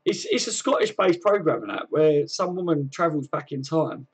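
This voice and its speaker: A man's voice: fairly high pitch, expressive, moderate pace, husky, poor audio. An English man hosting a casual fan live stream, chatting to viewers and answering their comments, calling them mate and laughing often.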